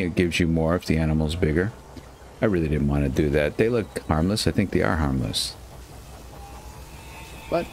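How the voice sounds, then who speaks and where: Deep-voiced man chatting over gameplay. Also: slight background noise. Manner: chatty, self-mocking, talks to his character. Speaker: gaming channel host. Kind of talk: casual gameplay commentary. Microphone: headset.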